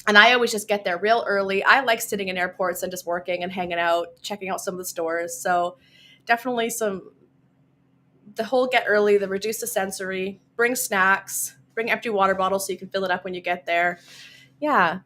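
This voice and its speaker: A woman's voice: mid-range voice, steady tone, normal speed, fairly bright tone. A woman hosting a casual livestream, chatty and giggly as she tells stories and answers viewers. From Canada. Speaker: livestream host.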